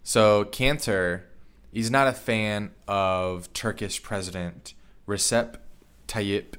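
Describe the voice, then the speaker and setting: A man's voice: lowish voice, takes it slowly, a bit bright, smooth. A man co-hosting a podcast, chatting about basketball news in a hesitant way with many ums. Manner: hesitant, lots of ums, reads out news items. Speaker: podcast co-host. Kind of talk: casual sports chat.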